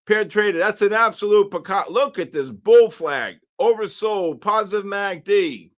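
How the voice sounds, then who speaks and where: Male host, fairly high voice, excitable, exclaims and repeats points while reading charts live. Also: moderate pace. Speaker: trading livestream host. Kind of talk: live trading commentary.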